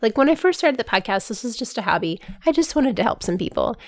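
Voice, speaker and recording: A woman hosting her own podcast, talking casually in a voice hoarse from being sick, filling her sentences with "like" and breaking into bursts of excitement. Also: fairly high pitch, fast, no room sound, studio quality. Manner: chatty, fills with "like", bursts of excitement. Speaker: podcast host. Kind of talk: casual solo podcast monologue.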